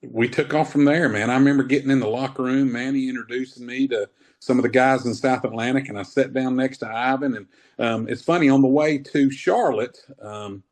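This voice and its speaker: A man's voice: medium pitch, fairly even intonation, a little fast, darkish tone. Laid-back storytelling man in his fifties. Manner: rambling, laid-back, says man often. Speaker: wrestler guest. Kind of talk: casual interview storytelling.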